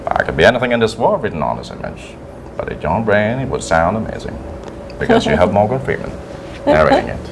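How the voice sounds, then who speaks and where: A man doing an impression of a famous actor as a deep, slow, measured narrator, on noisy TV studio audio. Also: sing-song, creaky. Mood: calm. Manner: low measured storytelling delivery.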